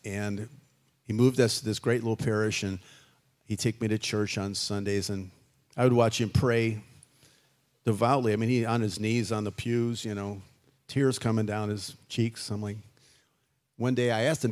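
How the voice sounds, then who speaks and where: A man's voice: fairly low pitch, fairly even intonation, normal speed, pauses often. A man in his sixties from Chicago, telling his life story as a guest in a casual interview, in a reflective, rambling way. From Chicago, USA. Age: 60s. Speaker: guest musician.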